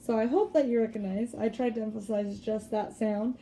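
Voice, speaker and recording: A woman teacher giving a recorded spelling lesson, patiently explaining step by step and sounding out words slowly. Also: a little high, fairly even intonation, dark tone, slight background noise. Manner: slow deliberate word-by-word sounding out.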